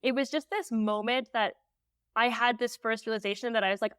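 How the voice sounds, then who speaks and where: A woman guest on a podcast telling a story candidly, animated and full of "like" fillers. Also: a little high, moderate pace, clear, resonant tone, no room sound, clean studio sound. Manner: emotional when recalling.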